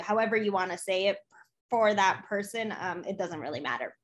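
A woman's voice: medium pitch, fairly quick. A woman coach as an interview guest, talking earnestly and chattily with many fillers. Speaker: life coach, podcast guest. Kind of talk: casual interview talk.

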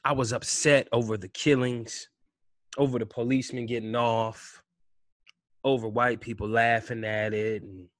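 Man, vlog rant, mid-pitched, heated rhetorical delivery, close dry mic. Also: flat delivery, moderate pace, no echo. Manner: heated, rhetorical questions, swings between loud outbursts and low mutters. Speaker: vlogger. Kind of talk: impassioned commentary rant.

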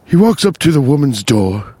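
A man doing an impression of an elderly male nature documentary narrator with a put-on British accent, hushed, slow and solemn. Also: mid-range voice, big pitch swings, slightly rough, dry recording.

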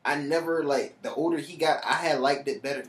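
A co-host in a relaxed, animated chat, telling stories and laughing often. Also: mid-range voice, brisk. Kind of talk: casual chat. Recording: roomy echo.

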